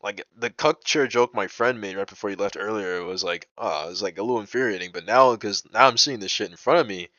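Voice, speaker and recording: A man's voice: lowish voice, fast talker, few pauses, bright, forceful tone, no room sound, highs cut off. A young man telling a personal story in a casual vlog, rambling and profane, full of "bro" and "like". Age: young adult. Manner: agitated, indignant retelling.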